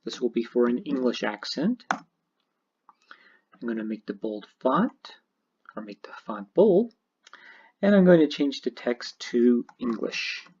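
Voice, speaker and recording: A programming teacher narrates a screencast at an unhurried pace, explaining every step in a methodical way. The voice is somewhat husky, and the recording sounds dull and lo-fi. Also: mid-range voice, expressive, a little mellow.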